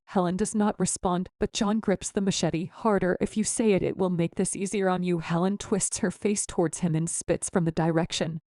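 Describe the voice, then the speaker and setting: Low, mellow woman telling horror stories. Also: no echo, clean studio sound. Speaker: narrator. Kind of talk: horror story narration.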